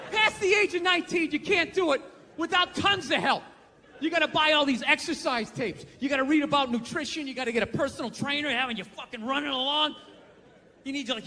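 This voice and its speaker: A male stand-up comedian, profane and ranting, shouting his punchlines during a live routine. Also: very high-pitched, slight background noise. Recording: live theater with long reverb and faint ambience.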